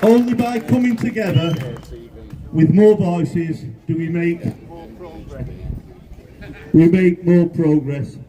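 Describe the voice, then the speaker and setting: A man's voice: sits high, takes it slowly, long pauses, mellow. A man who is a local councillor, giving a short, earnest speech at a street protest. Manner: earnest, plain-spoken. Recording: distant outdoor mic.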